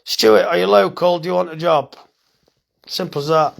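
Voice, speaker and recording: A man's voice: high-pitched, normal speed, gravelly. A middle-aged man, a farmer and butcher, chatting casually and bluntly on a phone live stream, reading out comments and swearing now and then.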